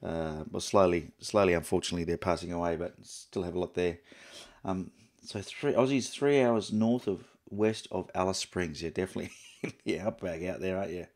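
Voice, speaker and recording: A man's voice: low voice, brisk, darkish tone. A middle-aged Australian man hosting a photography livestream, rambling and chatty with lots of fillers and restarts. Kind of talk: casual live-stream chat.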